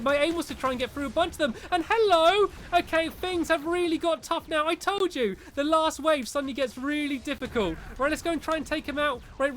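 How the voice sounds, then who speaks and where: Excitable high-voiced man gaming. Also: a little hiss or hum. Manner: chatty and excitable, talks straight to viewers, cheers himself on. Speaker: gaming YouTuber. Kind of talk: let's-play game commentary. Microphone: desk microphone while gaming.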